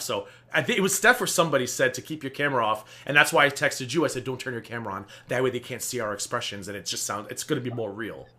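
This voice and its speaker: A man hosting a livestream, chatting casually and telling stories in an animated, profane way. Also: mid-range voice. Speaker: livestream host. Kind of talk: casual chat.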